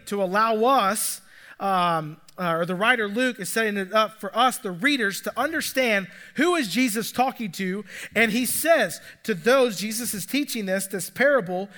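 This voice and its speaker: A man's voice: sits high, sharp tone. A man, a pastor preaching a conversational sermon in a church and asking the congregation questions. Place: church sanctuary.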